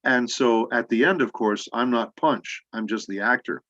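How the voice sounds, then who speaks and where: A middle-aged man, a voice actor guest, telling rambling anecdotes with many pauses in a casual interview. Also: mid-range voice, a bit bright, no room sound. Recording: dull lo-fi audio.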